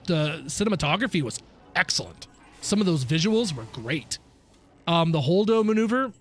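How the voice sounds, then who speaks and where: A man streaming a video game, chatting casually with viewers, ranting and swearing freely and laughing at himself. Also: fairly high pitch. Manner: reads and answers chat while playing. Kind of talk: casual live-stream chat.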